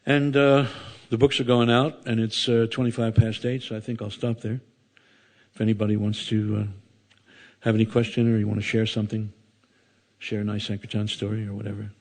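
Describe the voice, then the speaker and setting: A man's voice: lowish voice, flat delivery, a little fast, darkish tone. An older man giving a sermon to a temple audience, telling a story with many asides and acting out the voices. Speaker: temple speaker. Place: temple hall before an audience.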